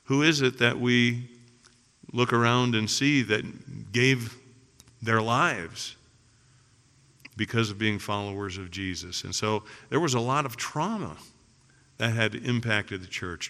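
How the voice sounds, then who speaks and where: Male pastor, bright tone, earnest sermon delivery, reverberant church sound. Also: mid-range voice, lively intonation, slow pace, creaky. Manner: earnest preaching, builds emphasis with repetition. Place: church sanctuary. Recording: long hall reverb.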